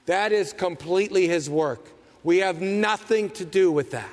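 Pastor, male, high-pitched, emphatic preaching with rhetorical questions, long hall reverb. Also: normal speed, a little mellow. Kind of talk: sermon.

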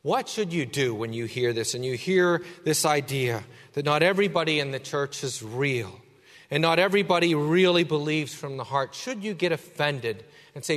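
A pastor preaching a sermon, swinging from hushed asides to loud, driving emphasis. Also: male voice, a little high, lively intonation, moderate pace. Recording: hall reverb.

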